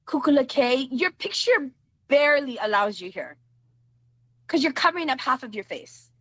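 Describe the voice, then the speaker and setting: A woman's voice: sits high, very animated, moderate pace, a bit bright, dry recording. A woman hosting a live stream, talking back to a guest and her comments in a mocking, combative way, often repeating her lines. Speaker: livestream host. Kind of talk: heated livestream commentary.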